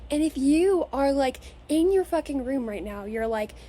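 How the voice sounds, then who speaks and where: A woman's voice: sits high, normal speed. A woman in her twenties from Las Vegas gives a casual motivational rant to the camera from her childhood bedroom, swearing constantly and filling her talk with "like". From Las Vegas, Nevada. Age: 20s. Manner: profane, energetic, filler-heavy with "like". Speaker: vlogger.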